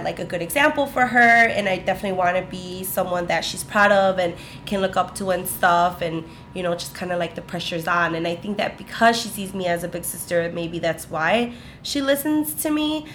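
A young woman talks casually with a close friend, animated and chatty, slipping into quoted voices as she tells stories. She describes her own voice as low, almost like a man's. A faint rumble sits under the recording. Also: brisk. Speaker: podcast co-host. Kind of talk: casual chat between friends.

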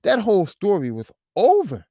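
A podcast host ranting about a movie in a casual, profane, animated way, full of rhetorical questions. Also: medium pitch, normal speed, no echo, studio quality.

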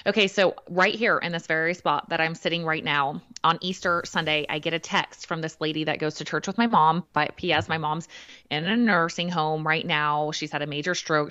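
A woman with a somewhat low voice tells a personal story over a remote call, chatty and animated, acting out the people she quotes. The audio is dull and lo-fi, with a dry, close sound. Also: dry recording. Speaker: podcast co-host. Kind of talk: casual conversational storytelling.

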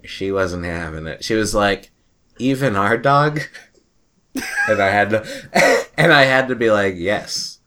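A man's voice: lowish voice, a little slow, pushed and bright. A man in casual chat with friends, telling stories animatedly and laughing often.

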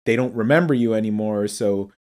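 A relaxed podcast co-host compares two films in easygoing, casual talk. The voice is warm and mellow, and the thoughts come out as they form. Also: mid-range voice, a little fast. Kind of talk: casual movie discussion.

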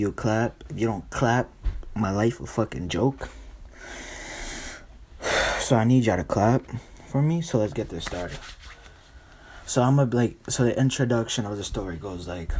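A man's voice: lowish voice, darkish tone, a little hiss or hum. A young man hosting a podcast, doing a brash, profane comedy monologue. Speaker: podcast host.

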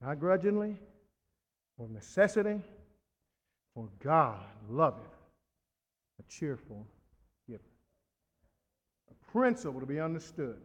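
A man's voice: a little high, sing-song, a little slow, pauses often. A male pastor preaching a sermon, laughing, repeating words and calling for amens. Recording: long reverb of a church hall.

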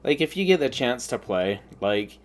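A man in his thirties co-hosting a podcast, chatting casually, often stumbling and repeating words before trailing off quietly. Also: medium pitch, big pitch swings, normal speed. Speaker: podcast co-host. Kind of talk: casual chat.

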